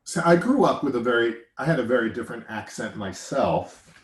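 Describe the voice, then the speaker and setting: A man's voice: medium pitch, lively intonation, brisk. A man from Long Island with a New York accent, an actor chatting in a rambling, wry way. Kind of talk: casual chat. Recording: echoey room.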